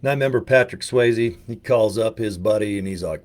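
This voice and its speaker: A man's voice: on the low side, fairly quick, a little mellow. An older man from the US giving a rambling, joking casual monologue as a video presenter, full of slang and asides. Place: home in Utah.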